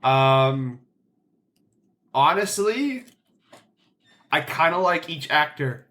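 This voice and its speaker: A man's voice: fairly high pitch, animated, fairly bright tone. Opinionated man chatting on a podcast. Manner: opinionated, talks in quick bursts with restarts. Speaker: podcast co-host. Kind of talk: casual chat.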